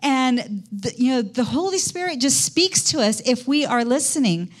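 High-voiced middle-aged woman pastor preaching. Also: lively intonation, moderate pace. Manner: conversational preaching, quizzing the congregation. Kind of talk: sermon. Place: church.

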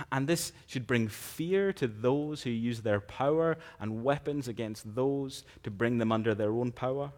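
A man delivers a sermon in an earnest, measured way, at a voice pitched in the middle for a man. He slows down to stress key phrases. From Scotland. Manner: earnest, measured preaching with slow emphatic phrases. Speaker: preacher.

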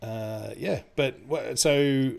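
A young man talks through a movie in a loose, rambling way, full of fillers, laughter and casual swearing. His voice sits at an ordinary middle pitch. It feels like an easygoing chat between friends. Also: drawn-out words, creaky.

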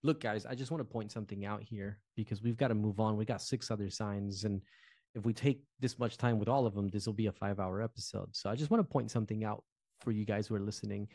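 Dark-voiced man chatting on a podcast. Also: on the low side, quick pace, no room sound. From Newark, New Jersey. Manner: animated, conversational, fillers like "you know". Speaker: podcast co-host, former pastor. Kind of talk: casual podcast chat.

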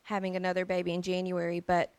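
A young woman with a slightly low voice tells her faith story in a relaxed, heartfelt way. She stops often for fillers and picks her sentences up again. The recording is dry and close. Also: quick pace, clear, resonant tone, no echo. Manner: earnest, with many fillers and restarts. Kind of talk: casual personal testimony.

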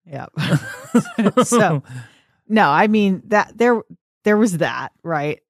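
A woman's voice: fairly low pitch, animated, slow pace, no echo, studio quality. A woman hosting a tennis podcast, chatting casually and with strong opinions, often laughing. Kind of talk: casual chat.

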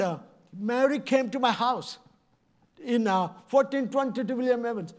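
A man's voice: extremely high pitch, moderate pace. A middle-aged man from India, preaching a passionate, pleading sermon full of repeated phrases. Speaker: evangelist preacher.

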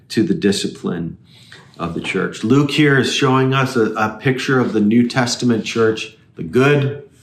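A man's voice: on the low side, vocal fry, reverberant, a little hiss or hum. A man preaching a sermon in church as pastor, earnest, reading passages aloud.

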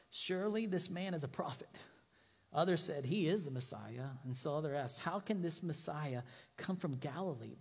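A man preaching a sermon, animated, his voice rising for emphasis and dropping low at the ends of phrases. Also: husky, in a large hall. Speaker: pastor.

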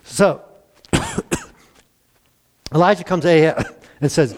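A middle-aged male pastor retelling a Bible story in a folksy, animated sermon, acting out the quoted voices with chuckles. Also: on the high side, slow.

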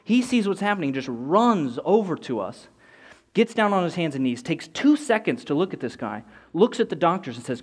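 In a fairly high voice at an ordinary pace, a young man earnestly recounts a personal experience, wandering, backtracking and using lots of fillers. He gets more animated when quoting what was said.

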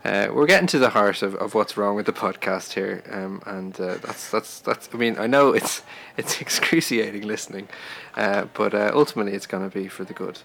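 A man's voice: lowish voice, brisk, vocal fry, hardly any pauses, fairly bright tone. A man hosting a casual podcast, talking hesitantly with many fillers and self-deprecating asides. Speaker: podcast host.

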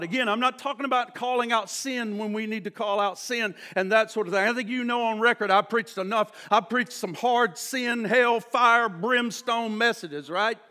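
A middle-aged male pastor preaching a sermon, swinging between loud emphatic passages and hushed near-whispers, drawing out key words for weight. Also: extremely high pitch, fairly even intonation, normal speed, hardly any pauses.

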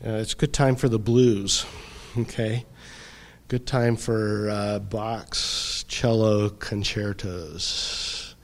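A middle-aged man preaching a sermon, reflective and unhurried, often pausing and letting his voice drop softly. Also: lowish voice, steady tone. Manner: slow, reflective preaching with pauses and soft drops. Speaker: pastor.

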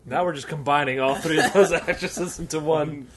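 A man's voice: on the high side, fairly even intonation, normal speed, crowd noise. A man hosting a podcast in casual chat, laughing often and passing on remarks made off mic. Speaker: podcast host.

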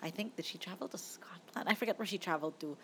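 A woman's voice: on the low side, fast, a bit bright, slightly rough, whispered. A young woman hosting a casual movie-review podcast, chatty and opinionated. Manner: chatty, opinionated, laughs often. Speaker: podcast host.

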